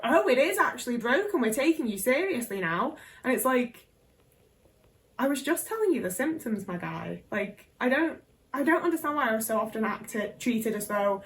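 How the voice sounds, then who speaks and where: A woman's voice: on the high side, recorded from a distance, rough recording. Blunt English woman, a bit off-mic. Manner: candid, blunt, sweary, lots of "like". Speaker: vlogger. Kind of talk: casual storytelling to camera.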